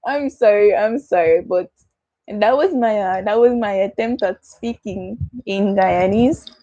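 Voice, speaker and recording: A woman's voice: medium pitch, a little slow, warm tone, highs cut off. A Jamaican woman hosting a casual livestream Q&A, playful and self-mocking, laughing often. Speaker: Christian YouTuber.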